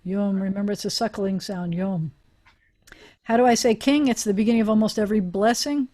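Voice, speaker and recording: A woman's voice: medium pitch, quick pace, mellow. A woman rabbi teaching a Hebrew class over a video call, chatty and encouraging, often laughing with her students.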